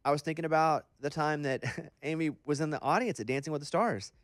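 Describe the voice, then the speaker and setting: A man hosting a radio show, chatting casually and telling stories in an animated, rambling way into a studio microphone. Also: a little high, no room sound. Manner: animated storyteller, quick and rambling. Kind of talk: casual morning radio chat.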